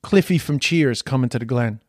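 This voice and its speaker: A middle-aged Irish man telling stories at a medium pitch, rambling from one memory to the next. He keeps correcting himself and swears casually. The sound is dry and close, with no room around it. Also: normal speed, a little mellow, no echo. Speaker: comedian. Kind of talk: casual storytelling.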